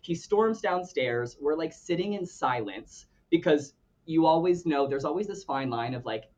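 A man's voice: a little high, expressive, normal speed, a little mellow. A man guest on a podcast telling family stories in a chatty, filler-heavy, self-deprecating way. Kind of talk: casual storytelling. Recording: dull lo-fi sound.

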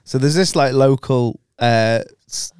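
A man's voice: mid-range voice, measured pace, a little mellow, clear, resonant tone, no room sound, clean studio sound. A man hosting a podcast, telling stories in casual, jokey banter. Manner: laddish, jokey storyteller. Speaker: podcast host.

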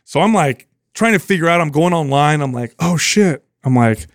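Casual podcast host, middle-aged man, lively storyteller, dry close mic. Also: fairly high pitch, a little fast, no room sound. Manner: animated, acts out quoted voices.

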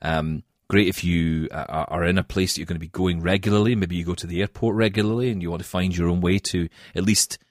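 A man with a Scottish accent, chatting on a podcast in a self-mocking, animated way. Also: deep voice, fast, hardly any pauses, dry recording, clean studio sound. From Scotland. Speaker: podcast co-host. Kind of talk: casual chat.

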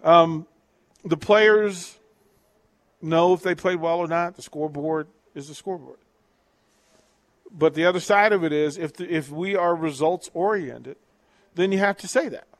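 A man's voice: a little high, measured pace, pauses often, dry recording. A man hosting a casual sports talk radio show, chatting loosely, restarting his sentences and reading out listener texts.

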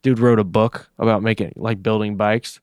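A man's voice: fairly low pitch, fairly even intonation, moderate pace, darkish tone, smooth, no room sound, clean studio sound. A young man co-hosting a podcast, telling a rambling story in casual chat and swearing freely. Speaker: podcast co-host.

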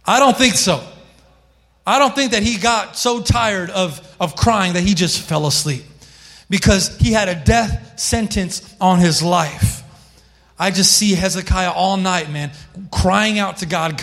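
A man's voice: sits high, measured pace, fairly bright tone. A male pastor preaching a sermon with passion, calling on people in the congregation by name. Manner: impassioned, calls on listeners by name. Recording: long hall reverb.

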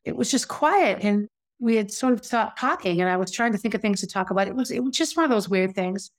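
An expressive woman with a mid-range voice talks a little fast, candidly relating her own story. It's reflective and confessional, delivered conversationally with frequent restarts and asides.

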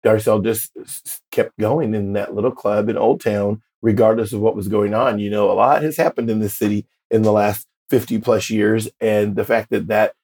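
An older man in his 50s, a drag performer appearing as a guest, tells stories in a casual interview. His voice is husky and fairly low, moving at normal speed with few pauses, and he animatedly acts out the voices of people he quotes.

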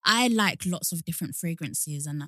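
A woman's voice: lowish voice, expressive, moderate pace, bright, forceful tone, no room sound. A young woman, co-hosting a casual chat and talking easily, laughing often. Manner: chatty, laughs easily, spells out names. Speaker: podcast co-host.

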